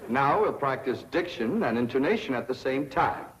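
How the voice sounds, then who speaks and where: A man's voice: medium pitch, animated, normal speed, fairly bright tone, lightly acted, rough recording. A man playing a pompous theatrical snob. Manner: pompous, theatrical, over-enunciated. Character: pompous young society suitor, drama-school snob. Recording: 1960s sitcom with faint hiss.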